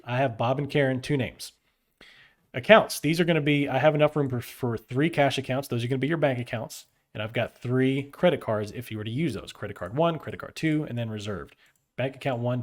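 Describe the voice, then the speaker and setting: A man hosting a casual screen-share tutorial, explaining a spreadsheet in a loose, chatty way with slang and fillers. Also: medium pitch. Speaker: tutorial host.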